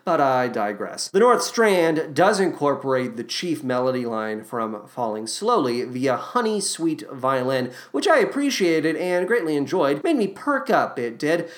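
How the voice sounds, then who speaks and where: A man's voice: a little high, big pitch swings, a little slow, hardly any pauses. A man hosting a podcast, giving a comedic review of a musical's songs in a sardonic, profane, enthusiastic way.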